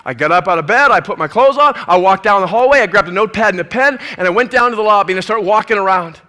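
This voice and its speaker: Bright-voiced preacher telling a story. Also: male voice, high voice, quick pace. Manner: lively storyteller who acts out the scenes. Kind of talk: sermon storytelling.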